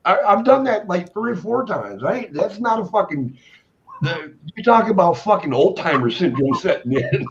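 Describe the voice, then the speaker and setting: A man's voice: high voice, very animated, unhurried, long pauses. A middle-aged man co-hosting a livestream, swearing freely and laughing often as he tells stories in casual banter. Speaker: livestream co-host. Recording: slightly muffled with faint noise.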